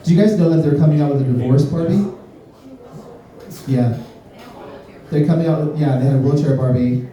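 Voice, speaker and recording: Deadpan man doing stand-up in a club. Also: brisk, long pauses. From Miami, USA. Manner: deadpan delivery with sudden high-pitched acted-out quotes. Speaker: stand-up comedian. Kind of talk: stand-up comedy set. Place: comedy club stage. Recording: roomy club sound from a distance. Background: audience laughter.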